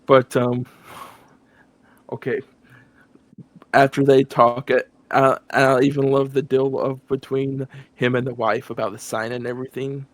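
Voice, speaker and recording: A man co-hosts a podcast, reviewing a movie in a relaxed, casual chat and acting out its scenes with bursts of laughter. His voice is mid-range and a little slow, with frequent pauses and no echo.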